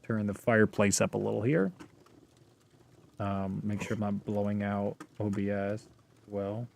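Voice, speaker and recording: A man's voice: fairly low pitch, steady tone, a little slow, gravelly, darkish tone, slight background noise. A man running a tabletop game as game master, casual and profane, with many fillers.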